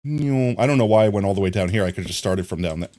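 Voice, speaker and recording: A man's voice: on the low side, animated, fast, warm tone. A man streaming a block-building game, chatting casually with his chat and greeting viewers while he works. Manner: chatty, reads and answers chat while building, hums bam bam to himself. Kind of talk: casual live game commentary.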